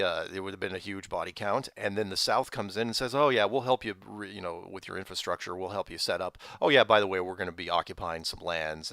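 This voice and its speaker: A man's voice: low-pitched, gravelly, bright, forceful tone, dry recording, clean studio sound. A man giving an off-the-cuff history explanation, rambling with many restarts and fillers. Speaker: commentator.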